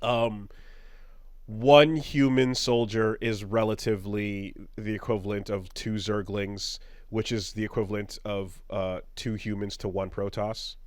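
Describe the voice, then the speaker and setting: A man's voice: fairly low pitch, little pitch movement, measured pace, no room sound, studio quality. A man co-hosting a casual podcast, asking curious questions. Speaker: podcast co-host. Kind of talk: casual chat.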